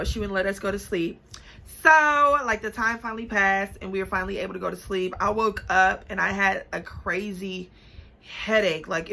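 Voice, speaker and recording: Young woman doing a sassy storytime vlog, bright voice with some gravel in it, calls you baby. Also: on the high side, low-quality recording. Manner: animated, sassy, calls listener baby and honey. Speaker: vlogger. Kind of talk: casual storytime.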